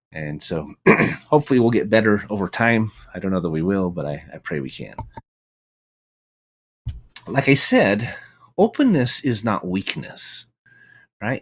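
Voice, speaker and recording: Husky, lively-voiced man musing aloud. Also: on the low side. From United States. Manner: reflective, storytelling, frequent restarts and "right?" tags. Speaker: podcast host. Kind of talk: solo monologue.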